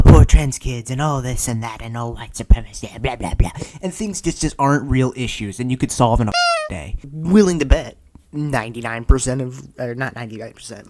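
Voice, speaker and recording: Tired, rambling man doing political commentary. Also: medium pitch. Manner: rambling, sarcastic, self-interrupting.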